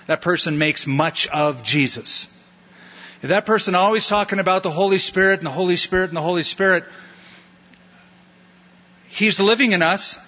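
Pastor, male, bright and forceful voice, lively sermon delivery, dull lo-fi sound. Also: fairly high pitch, long reverb tail. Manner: conversational, acts out disciples' lines with playful put-on voices. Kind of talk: expository sermon.

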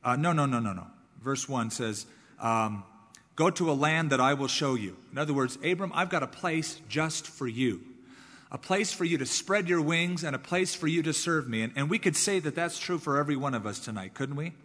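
A man preaching a sermon as pastor, driving points home with repeated words and swings between loud and soft. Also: on the high side, normal speed, in a large hall.

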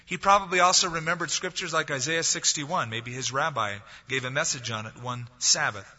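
A man's voice: fairly high pitch, a little fast, pushed and bright. A man preaching a sermon as pastor, telling a story and acting out the voices of the people in it. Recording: dull lo-fi audio, long hall reverb.

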